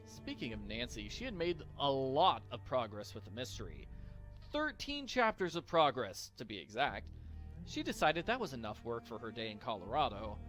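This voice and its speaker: A man narrates a comedic parody story, dropping in wry, deadpan asides. His voice is bright and slightly high, and his delivery moves up and down a lot. Soft music plays behind him. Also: moderate pace.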